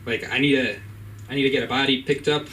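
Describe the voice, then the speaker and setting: A young man doing open-mic stand-up in a comedy club, rambling and deadpan. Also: medium pitch, fast. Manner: laid-back, rambling, deadpan asides. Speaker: stand-up comic. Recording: distant mic, faint room noise.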